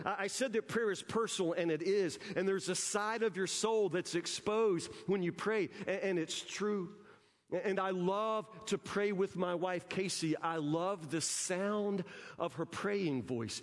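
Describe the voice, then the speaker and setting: Emphatic male pastor preaching in a reverberant hall. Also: high-pitched. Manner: emphatic, conversational preaching with repeated words. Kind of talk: sermon. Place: church sanctuary.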